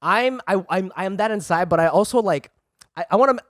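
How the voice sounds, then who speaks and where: A man's voice: high-pitched, lively intonation, a little fast, no echo, studio quality. A young man from Japan, a guest comedian in casual podcast chat, rambling with many restarts and laughing often.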